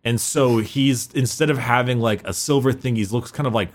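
One of the podcast's co-hosts, a man, talks about a book in a loose, wandering way full of restarts and fillers. He has a medium-pitched voice and speaks at a normal speed.

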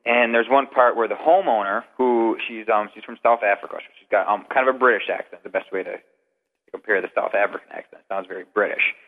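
A man's voice: on the low side, fast. A man, a guest paranormal investigator, telling rambling, detailed anecdotes in a casual interview over the phone. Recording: tinny phone line with long reverb.

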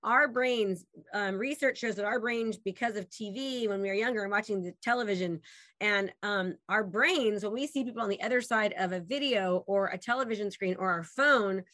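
A woman hosts a casual interview over a video call, bubbly and full of praise for her guest. Her voice is bright and sharp. The sound is dry and close, with no room echo. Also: mid-range voice, normal speed. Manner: enthusiastic, effusive. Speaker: host.

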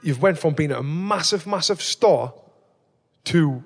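A man hosts a casual chat with a slightly high voice. He tells stories in an animated way, swearing freely. He throws himself into loud acted-out quotes. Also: unhurried, heavy background noise. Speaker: podcast host.

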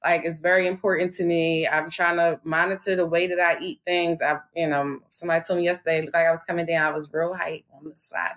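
A woman in her thirties talks in an unguarded, rambling way, swearing freely and circling back with fillers as she chats. Her voice sits a little low for a woman. The feel is easygoing, open podcast talk. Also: little pitch movement, fairly quick, hardly any pauses, fairly bright tone. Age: 30s. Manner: candid, profane, rambling with many fillers. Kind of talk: casual chat.

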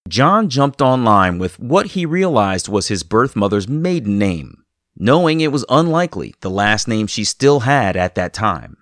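A man's voice: on the low side, very animated, measured pace, fairly bright tone, dry recording. Guy narrating a script, bouncy intonation, dry close mic. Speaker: host and narrator.

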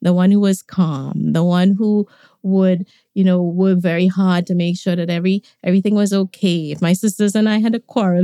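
A woman, a podcast guest, tells stories about her family in a relaxed way and laughs often. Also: on the low side, a little fast, dry recording, studio quality. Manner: warm reminiscing, laughs often. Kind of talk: conversational storytelling.

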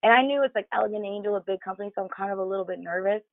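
Woman guest, gravelly voice, dry tinny phone-quality line, profane, candid casual storyteller. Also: mid-range voice, very fast, dry recording. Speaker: podcast guest. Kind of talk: casual chat.

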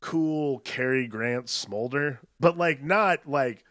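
A man's voice: medium pitch, slow pace, a bit bright, no room sound, clean studio sound. A man co-hosting a casual movie podcast, rambling and laughing as he mimics actors. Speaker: podcast co-host.

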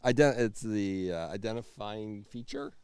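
A man's voice: on the low side, a little slow, darkish tone, smooth, no echo. A man co-hosting a casual chat, teasing and asking playful questions. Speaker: podcast co-host.

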